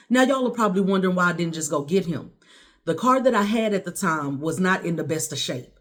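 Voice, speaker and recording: A woman recounting a harrowing personal story straight to the camera, her voice climbing high and loud when she relives her own words, then dropping low and quiet. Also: expressive, fast talker. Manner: intense, rising to near-shouts when quoting herself.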